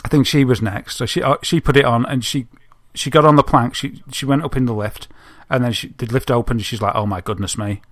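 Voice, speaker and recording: A man, co-hosting a podcast and telling an animated story, laughing often. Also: medium pitch, brisk, hardly any pauses, no room sound, clean studio sound. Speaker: podcast co-host. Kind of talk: casual chat, telling an anecdote.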